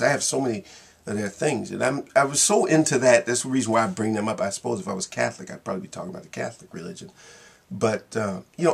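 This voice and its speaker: A man's voice: lowish voice, creaky, breathy edge. A man giving a casual, rambling monologue in his vlog, wry and laughing at himself. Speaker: vlogger.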